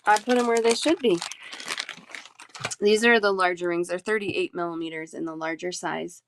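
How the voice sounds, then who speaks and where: A woman's voice: fairly low pitch, fairly even intonation, normal speed, background noise. A woman hosting a live bead sale, chatting casually, answering viewers and rattling off prices and sizes. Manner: chatty, reads chat aloud and rattles off prices. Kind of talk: casual live-stream sales chat.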